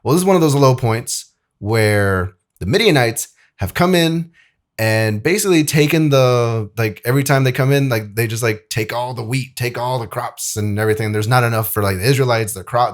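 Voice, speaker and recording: A man's voice: mid-range voice, normal speed. A young man presenting a casual Bible lesson, talking loosely with lots of fillers and reading scripture aloud. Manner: loose and chatty, many "like"s, acts out quotes.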